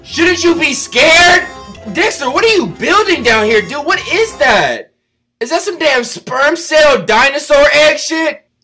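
A man doing loud, profane, mocking comedy commentary over a cartoon, with light music behind him. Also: very high voice, very animated, unhurried.

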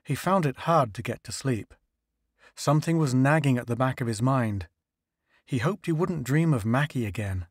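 A man narrating a science fiction story in a steady, even storytelling manner. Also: mid-range voice, moderate pace, no echo, studio quality. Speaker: audiobook narrator. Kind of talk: scripted narration.

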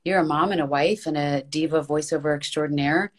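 Low-voiced earnest woman guest. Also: fairly even intonation, brisk. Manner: earnest, emphatic, repeats words for stress; rambling, restarts mid-thought. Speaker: podcast guest, voice actress and coach. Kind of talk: casual conversational interview.

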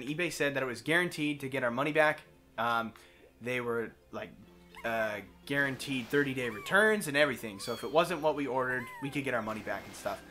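A man hosting a gaming video, telling a long story in a casual, animated way, acting out quotes and swearing freely. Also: medium pitch, a little fast, soft background music. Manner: animated, profane storyteller who acts out quotes. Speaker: let's play host.

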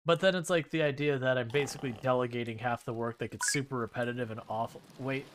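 Over a noisy background, a man with a mid-range voice talks at a quick pace while streaming a game. He keeps the chat relaxed and wry, musing aloud as he plays.

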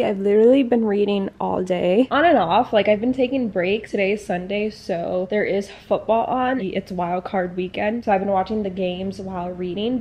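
A young woman talking straight to camera in a relaxed vlog. She is chatty and candid, fills her talk with "like," and sounds a little tired. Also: medium pitch, breathy edge. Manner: chatty and candid, lots of "like" fillers. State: tired, yawning. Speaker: book vlogger. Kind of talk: casual vlog narration.

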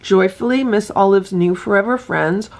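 A woman reading a children's picture book aloud to her cats, gentle and sing-song, breaking off to point at the pictures. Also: mid-range voice, normal speed. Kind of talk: storybook read-aloud with asides.

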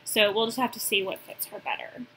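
Bright-voiced chatty young woman vlogger. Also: mid-range voice, steady tone, fairly quick, slight background noise, low-quality recording. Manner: chatty, gushing, many "um"s. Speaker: reborn doll collector showing a haul. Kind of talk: casual haul vlog.

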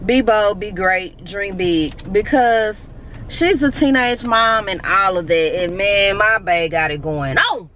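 A woman's voice: mid-range voice, slow, fairly bright tone, a little hiss or hum, poor audio. A young woman, chatting casually and emotionally to her vlog viewers on a phone camera. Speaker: vlogger.

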